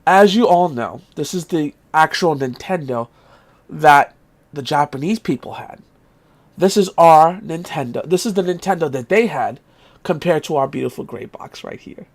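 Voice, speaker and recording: Fairly high and expressive at a normal speed, this man's voice carries a retro gaming vlog of exasperated ranting and show-and-tell. He swears casually and coughs occasionally.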